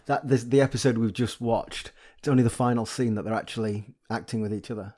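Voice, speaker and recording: A man's voice: medium pitch, steady tone, fast talker, dark tone. Thoughtful man co-hosting a podcast. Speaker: podcast co-host. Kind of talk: casual chat.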